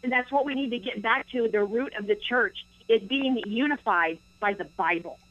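A woman co-host speaking earnestly and quickly about faith in a Christian talk discussion. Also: a little high, fairly bright tone, dull audio.

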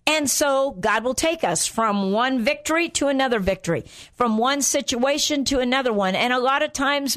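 A woman's voice: high voice, a bit bright. A woman preaching a sermon in an earnest way, often repeating phrases for emphasis.

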